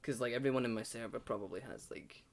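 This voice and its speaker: A man's voice: mid-range voice, fast talker, creaky, a crowd in the background. A Scottish man hosting a podcast in laid-back, casual chat and swearing freely. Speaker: podcast host.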